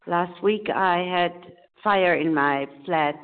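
A woman calling from Germany who shares a personal testimony in a meeting, halting and repeating phrases as she searches for words. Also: fairly low pitch, smooth. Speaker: meeting attendee sharing. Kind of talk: personal testimony on a phone call. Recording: tinny phone line.

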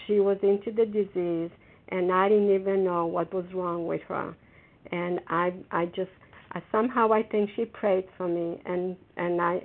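A middle-aged woman sharing at a twelve-step phone meeting, earnest and halting, with many restarts. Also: fairly low pitch. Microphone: telephone. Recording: phone line.

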